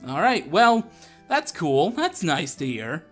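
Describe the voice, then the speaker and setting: Animated young man doing game commentary. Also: on the high side, slow pace, soft background music. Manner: animated, chatty, laughing. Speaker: Let's Play host. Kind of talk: casual gameplay commentary.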